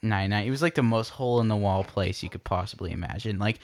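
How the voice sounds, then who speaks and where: Young male podcast co-host, loose and rambling, lowish voice, dry recording. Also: quick pace, no room sound. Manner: rambling storyteller, many fillers. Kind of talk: casual chat.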